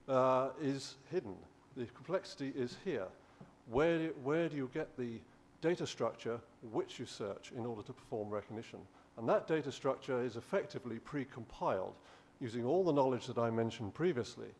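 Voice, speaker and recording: A man's voice: medium pitch, warm tone, slight background noise. A male professor giving a conference lecture, explaining steadily with frequent restarts. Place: conference hall.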